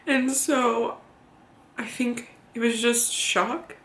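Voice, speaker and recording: A woman in her thirties telling a personal story to camera in a candid, halting, plain-spoken way. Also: fairly high pitch, fairly even intonation, a bit bright, echoey room. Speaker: vlogger.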